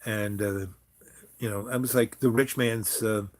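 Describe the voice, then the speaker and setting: A man's voice: fairly low pitch, fairly even intonation, a little slow, darkish tone. A man telling a personal story in a casual, rambling way, frank and loose, with lots of asides. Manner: rambling and frank, many fillers and restarts.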